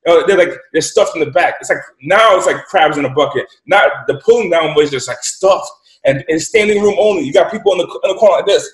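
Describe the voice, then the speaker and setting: A man's voice: on the high side, brisk. A man telling a story as a guest, emphatic and profane, repeating lines for effect. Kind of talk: casual storytelling. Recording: roomy echo.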